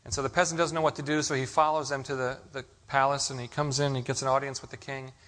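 A man's voice: medium pitch, little pitch movement, fast, fairly bright tone. A man preaching a sermon, asking the congregation rhetorical questions and telling stories. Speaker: pastor.

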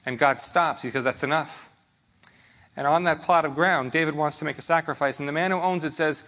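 A man's voice: on the high side, steady tone, a little fast, pushed and bright. A man preaching a sermon in a conversational way, often checking in with his listeners.

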